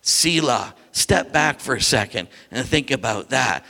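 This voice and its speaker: A man preaching a sermon as pastor, animated and building to shouts as he reads scripture. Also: mid-range voice, measured pace, gravelly. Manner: dynamic preaching, rising to shouts when reading scripture. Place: church sanctuary. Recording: church hall reverb.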